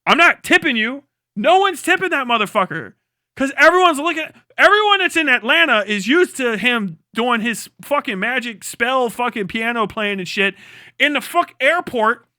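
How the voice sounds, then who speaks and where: Streamer; male; very high, bright voice; profane, rambling comic rant; dry sound. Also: animated, normal speed, no room sound. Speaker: live streamer. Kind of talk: comedic rant.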